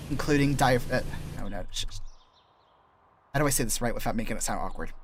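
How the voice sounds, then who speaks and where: A male streamer with a medium-pitched voice speaks fast in rambling gameplay chat, regularly trailing off and beginning again. He lays out voice-acting tricks with a laid-back teacher's ease, though his throat is dry and scratchy.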